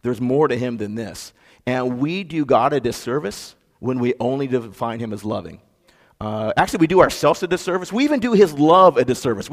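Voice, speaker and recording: Conversational male preacher in a reverberant hall. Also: medium pitch. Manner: conversational preaching with frequent fillers, emphatic repetition. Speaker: pastor. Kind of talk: sermon.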